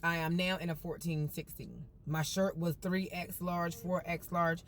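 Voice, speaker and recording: A woman's voice: lowish voice, little pitch movement, measured pace, hardly any pauses, a little hiss or hum. Chatty woman live-streaming from a car. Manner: chatty, greets viewers by name, folksy and upbeat. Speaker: vlogger. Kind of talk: casual live-stream chat.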